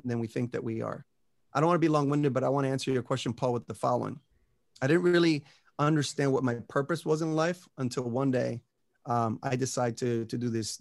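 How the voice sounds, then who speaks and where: A man with a gravelly, creaky voice, sitting in as a guest on a podcast. He talks with the drive of a motivational speaker and keeps checking in with his listeners as he goes. His voice sits at an ordinary male pitch and sounds dry and close. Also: dry recording. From Puerto Rico and the US. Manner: energetic motivational speaker, peppers talk with "right?" and "you know". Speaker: interview guest. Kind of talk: casual podcast conversation.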